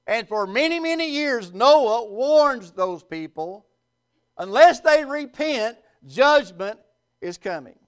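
A male pastor preaching with a very high, clear, smooth voice. He leans into his words, pausing for effect and swinging between loud and quiet. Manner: emphatic, with dramatic pauses and swings in volume. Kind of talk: sermon.

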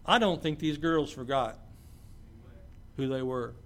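A man's voice: medium pitch, measured pace. A man preaching a sermon, reading scripture and breaking into conversational asides to check in with his listeners.

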